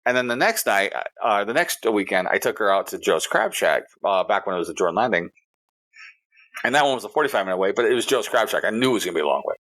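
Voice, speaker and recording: A man's voice: fairly low pitch, very animated, quick pace, fairly bright tone. A man co-hosting a casual podcast, telling a story in a heated, profane way. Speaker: podcast co-host.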